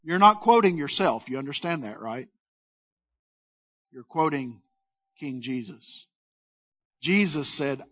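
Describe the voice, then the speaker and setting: A man preaching a sermon as pastor, emphatic, leading the congregation in call-and-response and pressing his points in slow, weighty phrases. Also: medium pitch, animated, fairly bright tone. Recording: dull lo-fi sound.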